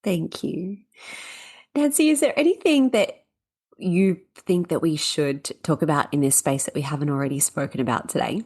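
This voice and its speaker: A woman's voice: sits low, moderate pace, darkish tone, breathy edge. A woman hosting a casual podcast interview, affirming and encouraging her guest. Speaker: podcast host.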